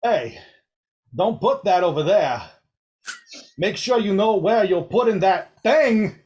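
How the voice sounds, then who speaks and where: A brash, loud male droid translator speaking for a wealthy alien, delivered as a street-wise celebrity-style impression, as a man puts it on. The voice sits a little high and pushes forward with swagger. It is a tabletop game voice, theatrical but still plainly human underneath. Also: expressive, slow, dull audio. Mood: bossy.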